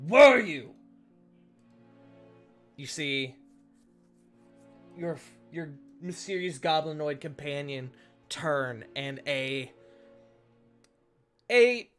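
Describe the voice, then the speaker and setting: A man narrating a tabletop roleplaying game as game master, describing scenes with pauses and hesitations. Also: fairly high pitch, very animated, a bit bright, soft background music.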